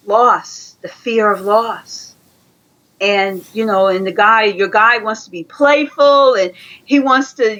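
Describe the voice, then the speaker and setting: Interviewed over poor audio, a woman with a fairly high, slightly bright voice gives earnest, conversational coaching advice. She often repeats her phrases and acts out quoted dialogue.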